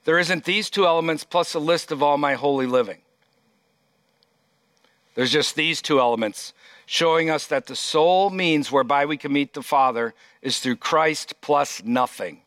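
A man's voice: on the high side, normal speed, a bit bright, dry recording. A pastor preaching a sermon, reading scripture aloud and stressing his points emphatically.

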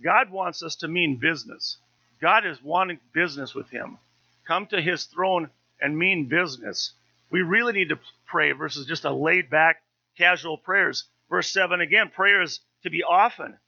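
A man's voice: a little high, moderate pace, creaky, bright, forceful tone, no room sound, lo-fi sound. A man in his fifties, a pastor preaching a sermon in a conversational, story-telling way with touches of humour.

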